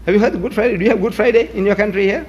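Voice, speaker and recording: A man's voice: high voice, rapid-fire, darkish tone, dull audio. Emphatic man lecturing. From South Africa. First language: Gujarati. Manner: combative, rhetorical, mimics opponents, emphatic. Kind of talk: public debate lecture.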